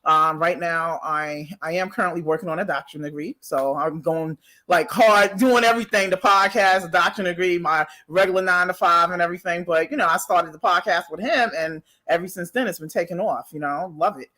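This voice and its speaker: A woman from New York with a New York accent, a podcast co-host talking in a casual interview, direct and blunt and quick to laugh. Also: fairly low pitch, sharp tone.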